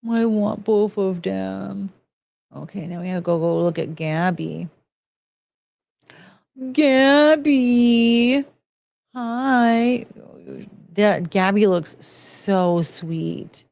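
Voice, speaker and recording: A woman's voice: medium pitch, slow, creaky, warm tone, dry recording. A young woman streaming casually, gushing and cooing over pictures of dogs. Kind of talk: casual live-stream chat.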